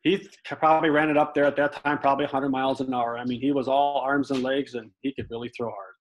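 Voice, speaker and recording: Animated man telling baseball stories. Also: medium pitch, fast, rough recording. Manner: animated storyteller who acts out quotes with swearing. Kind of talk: casual storytelling interview.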